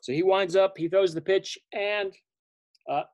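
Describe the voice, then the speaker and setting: Man, children's author, storytelling, lively, simple explanations, dry close sound. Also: high-pitched, unhurried, no room sound. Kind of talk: storytelling to families. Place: library event.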